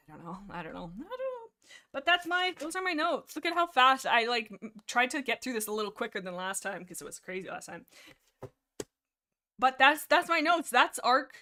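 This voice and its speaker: A young woman hosting a livestream, chatting excitably about books with lots of fillers and restarts. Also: a little high. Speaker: livestream host. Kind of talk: casual rambling book discussion.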